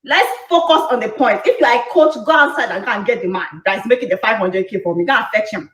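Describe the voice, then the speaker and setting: A woman calling in to a dating show, insistent and defensive, rushing her words in bursts with restarts. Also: a little high, a bit bright, roomy sound. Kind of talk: defensive live-stream call.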